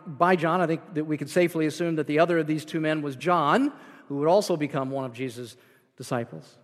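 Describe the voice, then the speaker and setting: A man's voice: on the high side, in a large hall. A man preaching a sermon as pastor, explaining scripture line by line with frequent restarts.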